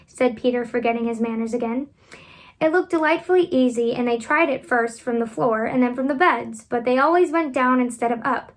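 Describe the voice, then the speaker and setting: Woman, high-pitched, storybook read-aloud, expressive, at home. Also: brisk. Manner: expressive, voices the children's lines with lifts in pitch. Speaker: reader. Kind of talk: reading a children's book aloud.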